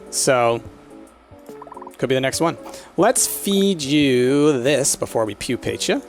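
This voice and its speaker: A man casually commenting on a game while streaming, chatty, laughing often and talking to the pets on screen. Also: fairly high pitch.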